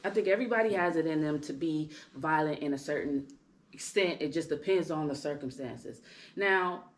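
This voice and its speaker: A woman in her thirties, a podcast co-host, telling a personal story in casual chat, animated and full of tag questions. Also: normal speed. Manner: animated, rising loud and high when worked up; tag questions, frequent "right?".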